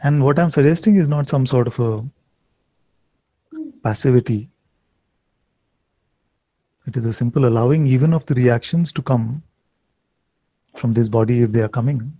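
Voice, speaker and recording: A man giving a satsang talk as a spiritual teacher, slow and reflective, often checking in with listeners. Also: mid-range voice, no echo, poor audio. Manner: slow, reflective, gently questioning.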